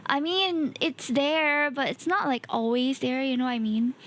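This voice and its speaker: Young singaporean girl streaming, high voice, chatty, laughs a lot, kinda tired. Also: steady tone, moderate pace, a bit bright. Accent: Singaporean English. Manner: chatty, exclaims often, laughs easily. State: a bit tired. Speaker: VTuber streamer. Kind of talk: casual live stream chat.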